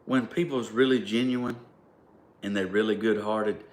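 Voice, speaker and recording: A man's voice: fairly low pitch, steady tone, measured pace. A man with a Southern American accent telling a story in a rambling, casual way, leaning on "like" and breaking into emphatic bursts. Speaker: vlogger. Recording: roomy echo, faint ambience.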